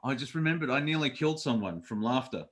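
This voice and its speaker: A man's voice: medium pitch, expressive, fast talker, fairly bright tone. A man chatting casually as a guest on a talk show, telling stories, rambling and laughing often. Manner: rambling, laughs often, trails off mid-sentence. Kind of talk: casual chat.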